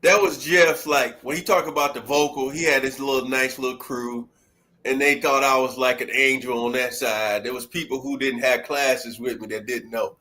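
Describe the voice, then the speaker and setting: Forties man, co-host; bright, lively storyteller who laughs a lot. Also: medium pitch, normal speed. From Detroit. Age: 40s. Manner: animated storyteller, laughs often, acts out quotes. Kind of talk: casual reminiscing chat.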